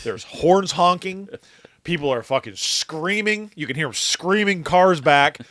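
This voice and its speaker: A man's voice: a little high, expressive, measured pace, a bit bright, no echo, clean studio sound. A man co-hosting a podcast in casual chat, ranting with profanity and exaggerating for laughs. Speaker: podcast co-host.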